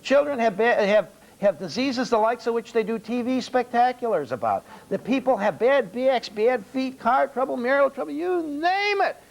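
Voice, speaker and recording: Brief: male seminar speaker, high-pitched, wry storyteller who acts out the dialogue. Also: expressive, moderate pace, creaky, few pauses, rough recording. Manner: storytelling, acting out quoted dialogue. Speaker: seminar speaker on restaurant service. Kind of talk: lecture with anecdotes.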